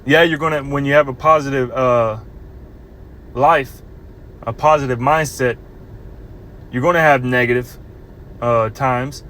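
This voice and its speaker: A man casually teaching scripture, earnest and halting, reading verses slowly and with emphasis. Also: mid-range voice, fairly even intonation, fairly bright tone, slight background noise. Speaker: bible teacher.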